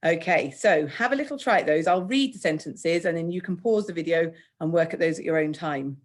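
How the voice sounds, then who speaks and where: A woman with an English accent teaching children in a recorded remote lesson, speaking clearly, patiently and encouragingly. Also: on the low side, brisk. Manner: clear, patient, encouraging, acts out example speech lines. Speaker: primary school teacher.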